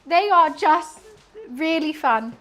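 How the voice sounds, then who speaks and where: Chatty young woman, high voice. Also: expressive, slow, a bit bright. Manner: chatty, rambling, humming and singing to herself. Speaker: streamer. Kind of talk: casual chat while cleaning and cooking. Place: home kitchen.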